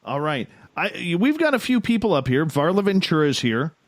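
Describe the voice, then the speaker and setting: A man with a Canadian accent hosts a call-in radio show with an enthusiastic, playful manner. His pitch swings widely as he talks. The sound is dry and close. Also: very animated, moderate pace, dry recording. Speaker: radio host. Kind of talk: casual radio talk.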